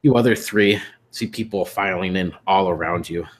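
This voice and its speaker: A man's voice: sits low, normal speed. A man running a horror tabletop game as game master, narrating grisly scenes with casual fillers.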